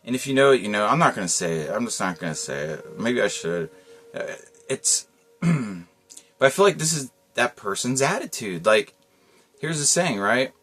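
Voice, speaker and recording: A man's voice: medium pitch, big pitch swings, moderate pace, fairly bright tone. A man giving a casual tarot reading, talking in a loose, rambling way with lots of slang and frequent chuckles. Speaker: tarot reader.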